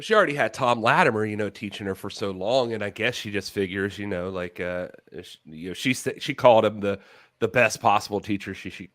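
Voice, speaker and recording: A man's voice: deep voice, a bit bright, no echo, studio quality. A man co-hosting a casual wrestling talk show over a video call, chatting in a loose, rambling way. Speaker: podcast co-host. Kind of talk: casual chat.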